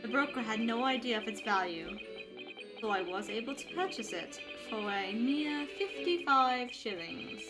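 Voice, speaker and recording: Woman doing a pompous English gentleman detective. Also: on the high side, lively intonation, normal speed, natural voice. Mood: languid. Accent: put-on English. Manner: grandiose, melodramatic declaiming. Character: pompous theatrical male detective. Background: game music.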